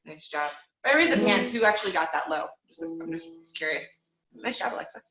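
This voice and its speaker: A woman's voice: fairly low pitch, animated, brisk, echoey room, highs cut off. A woman teaching a group voice lesson over a video call, coaching in an easy, encouraging way with plenty of fillers.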